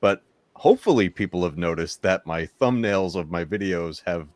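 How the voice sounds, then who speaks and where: Very deep-voiced easygoing man. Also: normal speed, a little mellow, no room sound. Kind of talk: casual group chat on a livestream.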